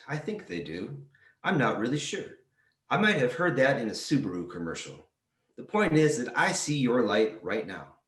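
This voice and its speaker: A man reading short comic prose aloud at a library storytime, with a dry, deadpan delivery. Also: medium pitch. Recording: roomy echo.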